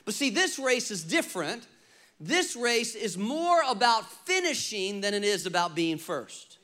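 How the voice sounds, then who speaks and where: A man about to turn fifty, preaching a lively, humorous sermon and calling on the congregation to respond. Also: high-pitched, a little slow. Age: 40s. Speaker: pastor.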